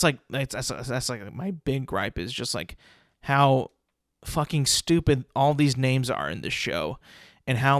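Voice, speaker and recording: A man's voice: mid-range voice, a bit bright, no echo, studio quality. Rambling, profane young male podcast host. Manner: rambling, profane, many fillers and restarts. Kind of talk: solo podcast rant.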